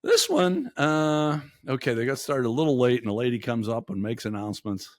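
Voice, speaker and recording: A man's voice: medium pitch, very animated, fairly quick, no echo, clean studio sound. A man hosting a podcast, telling a crude, exasperated story in profane bar-talk style. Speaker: podcast host. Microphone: studio mic.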